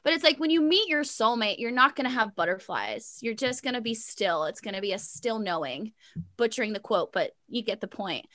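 Young woman chatting, high bright voice, sassy and animated, lots of likes and ums. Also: brisk, dry recording. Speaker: guest telling a story. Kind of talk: casual storytelling chat.

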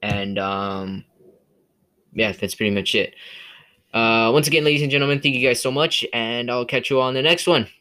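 A man's voice: mid-range voice, normal speed, pushed and bright. A man hosting a casual solo movie review podcast, rambling with many fillers and restarts, from California. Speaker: podcast host.

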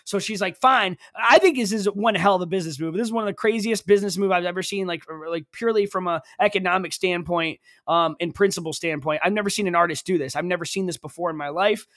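High-voiced young man rambling in casual chat. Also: dry recording, clean studio sound. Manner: rambling, animated, quick to act out quotes. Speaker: podcast co-host. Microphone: studio mic, dry booth.

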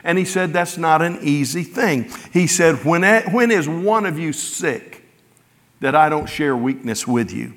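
A man's voice: on the high side, animated, a little slow. A man preaching a sermon in a conversational way, retelling scripture in his own everyday words. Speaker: pastor. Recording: long hall reverb.

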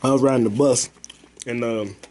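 A man's voice: medium pitch, steady tone, normal speed, a little mellow, slight background noise. A man hosting a podcast, rambling through stories and movie talk in a loose, profane, slangy way. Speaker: podcast host. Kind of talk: casual podcast chat.

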